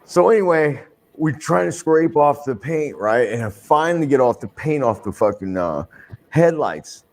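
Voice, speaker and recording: A man's voice: fairly high pitch, lively intonation, moderate pace, darkish tone. An older man telling a rambling, profane anecdote in an interview, often restarting and swearing freely. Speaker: wrestler telling a story in an interview.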